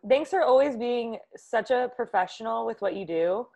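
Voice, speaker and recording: A woman's voice: on the high side, moderate pace, gravelly, darkish tone. A giggly, emotional woman wrestler on a group video call.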